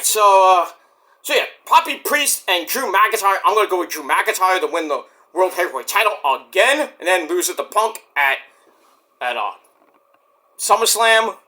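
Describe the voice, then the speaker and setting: An animated man rambles through wrestling chat, his voice swinging up and down as he goes. He swears freely and has a bright, forward tone. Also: sits high. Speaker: podcast host.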